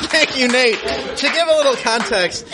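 A man with a high, loose voice hosts a live comedy night, chatting casually between acts. The audience is clearly heard around him, murmuring and laughing. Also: lively intonation, moderate pace. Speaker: comedy show host. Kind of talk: live show hosting. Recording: live room with crowd noise.

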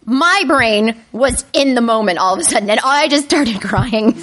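A woman telling a funny personal story to an audience, animated and self-mocking, acting out her own panicky inner voices. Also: normal speed. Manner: acts out her inner voices with sudden high-pitched panic.

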